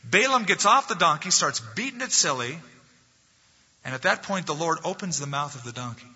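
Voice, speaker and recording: A male pastor preaching a sermon, retelling a story with animated, emphatic delivery and a slightly husky voice. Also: fairly high pitch, moderate pace. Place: church sanctuary. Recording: dull lo-fi recording in an echoey hall.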